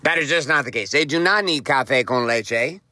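A man's voice: mid-range voice, moderate pace, bright, forceful tone, dry recording, poor audio. A man hosting a motivational podcast, telling a story and repeating his main point with emphasis. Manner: emphatic, repeats key lines. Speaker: podcast host. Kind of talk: motivational monologue.

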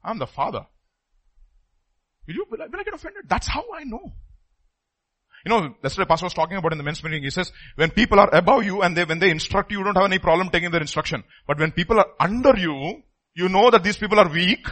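A middle-aged man preaching a sermon, emphatic, repeating phrases and swinging between loud and soft. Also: high voice, animated, fast talker, low-quality recording.

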